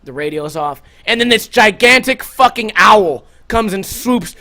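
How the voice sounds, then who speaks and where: High-voiced man telling a profane story. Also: unhurried. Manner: animated, profane, with sound effects. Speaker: vlogger. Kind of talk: casual storytelling to camera.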